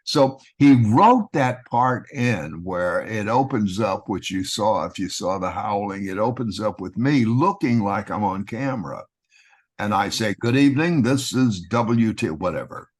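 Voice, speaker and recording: An older man from Texas with a Texan accent, telling animated stories as an actor guest and slipping into a broadcaster voice. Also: lowish voice, measured pace. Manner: animated anecdotes with broadcaster-voice impressions. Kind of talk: casual storytelling.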